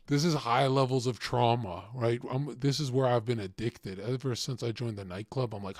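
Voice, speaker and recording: A young man talking casually in a crude, rambling storytelling monologue, swinging from loud outbursts to mumbled asides. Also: mid-range voice, normal speed, no room sound, clean studio sound. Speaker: podcast host.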